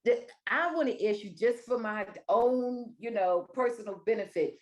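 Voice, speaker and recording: A woman's voice: fairly high pitch, normal speed, a little mellow. A retired woman in her sixties from the New York area, with a New York accent, co-hosting a casual video-call interview and chatting in a rambling, enthusiastic way. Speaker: co-host.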